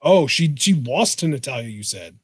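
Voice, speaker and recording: A man co-hosting a show in casual chat, excitable and swearing freely. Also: medium pitch, normal speed, husky, no echo. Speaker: podcast co-host.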